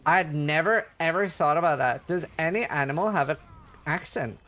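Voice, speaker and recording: Male streamer, fairly high voice, loose rambling chat, laughs easily. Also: normal speed, sharp tone. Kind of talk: casual livestream chat.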